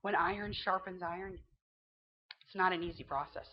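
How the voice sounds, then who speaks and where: A woman's voice: fairly low pitch, steady tone, moderate pace, slightly rough, dull audio. A woman giving an earnest, conversational devotional teaching, quoting scripture and telling stories from her own marriage. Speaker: Christian teacher.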